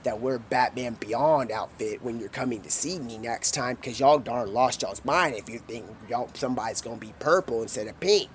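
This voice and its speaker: A man voicing a celebrity who claims to come from the future, talking in a low, quiet drawl full of y'all. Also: moderate pace, hardly any pauses, slight background noise, natural voice. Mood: lecturing. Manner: drawling, rambling, heavy y'all. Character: man impression of a famous actor from the future.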